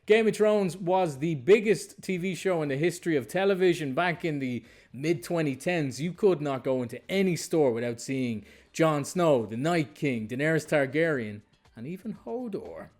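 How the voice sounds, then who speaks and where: A man's voice: on the high side, animated, moderate pace, a little mellow. A man hosting a casual interview podcast, enthusiastic and informal, often repeating himself. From Ireland. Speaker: podcast host.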